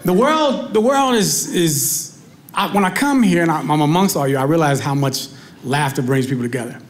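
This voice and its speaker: A man performing stand-up comedy, telling an animated story to the crowd on a club stage. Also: a little high, moderate pace.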